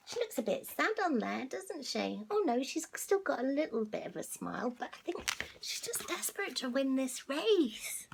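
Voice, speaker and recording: An older woman who reads a story aloud to children, with animated asides, gasps and whispered remarks to her listeners. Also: sits high, moderate pace, gravelly, a little hiss or hum. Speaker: storyteller grandmother.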